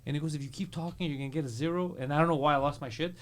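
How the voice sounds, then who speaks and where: A man's voice: on the high side, rapid-fire, a little hiss or hum. A man co-hosting a casual podcast, telling brash, profane stories about his school days. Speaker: podcast co-host. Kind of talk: casual chat.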